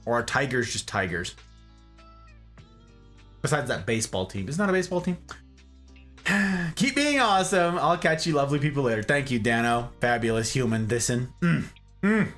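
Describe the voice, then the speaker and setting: A man's voice: medium pitch, normal speed, pauses often, faint music behind. A man streaming a game and chatting playfully with his live chat. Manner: playful, animated, jokey banter with chat.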